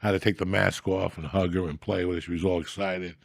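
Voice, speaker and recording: A man's voice: deep voice, steady tone, quick pace, gravelly, dry recording, studio quality. A man hosting a comedy podcast, telling profane, rambling stories in crude casual banter.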